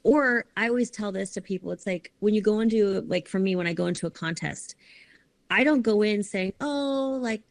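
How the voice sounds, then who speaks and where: A woman's voice: mid-range voice, brisk, creaky, no echo. A middle-aged woman, a fitness competitor and coach, talking earnestly in a casual podcast chat, often asking "right?".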